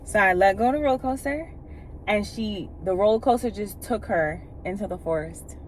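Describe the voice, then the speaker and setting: A woman's voice: medium pitch, moderate pace, slight background noise. Candid woman telling stories in a car. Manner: candid and emphatic, with casual profanity; retells scenes by acting out quoted speech. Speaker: vlogger sharing spiritual experiences. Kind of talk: casual storytelling monologue.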